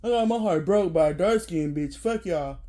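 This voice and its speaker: A vlogger in a casual rant to camera, blunt and profane, often laughing, dropping to low mutters then bursting out loud. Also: animated, normal speed.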